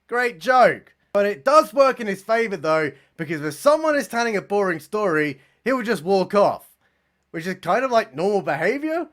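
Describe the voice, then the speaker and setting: A young man giving sarcastic, mocking commentary as he reviews a comedy special, with deadpan asides and casual swearing. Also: high-pitched, normal speed.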